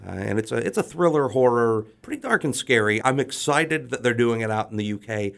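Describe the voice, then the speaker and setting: A man's voice: mid-range voice, expressive, brisk, vocal fry, a bit bright. A man who is a comedian, chatting as a podcast guest, often repeating words and restarting his sentences. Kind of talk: casual podcast chat.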